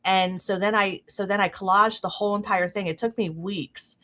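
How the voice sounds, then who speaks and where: A middle-aged woman hosting a casual chat stream, telling a long anecdote with fillers and lively quoted voices. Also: medium pitch, normal speed. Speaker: stream host.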